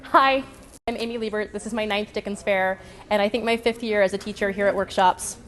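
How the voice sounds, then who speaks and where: A woman's voice: medium pitch, steady tone, fairly quick. A woman who teaches workshops, talking enthusiastically about performing at a fair.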